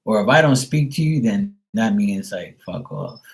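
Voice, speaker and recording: A man's voice: on the low side, animated, normal speed, vocal fry. Profane ranting man on a live stream. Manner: profane, exasperated, blunt. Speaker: tarot reader. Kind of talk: casual live-stream rant.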